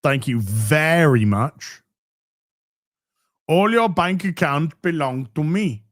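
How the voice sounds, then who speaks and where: Lively, profane man chatting on stream. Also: a little high, slow pace, pauses often. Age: middle-aged. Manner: profane, animated, restarts phrases often. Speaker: livestream host. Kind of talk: casual live-stream chat.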